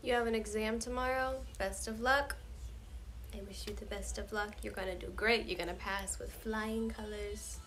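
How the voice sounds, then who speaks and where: A woman's voice: medium pitch, fairly even intonation, normal speed, a little hiss or hum. A woman in her twenties from the United States, tired and sleepy, chatting casually with fans on a livestream. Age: 20s. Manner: soft-spoken, drifting, chatty with fans. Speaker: singer hosting a fan livestream.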